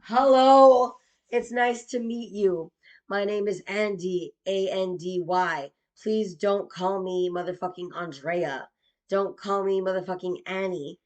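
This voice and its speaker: Slow-talking profane woman comedian. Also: lowish voice, darkish tone, lo-fi sound. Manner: profane, mixes in Spanish phrases. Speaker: stand-up comedian. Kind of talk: stand-up comedy.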